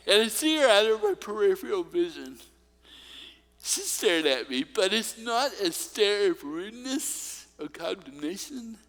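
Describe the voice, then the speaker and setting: A man with a notably high voice preaches slowly and deliberately, mixing light humor with earnest encouragement. His words ring out with a long echo through a large church hall. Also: fairly bright tone. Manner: humorous, personal storytelling. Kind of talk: sermon.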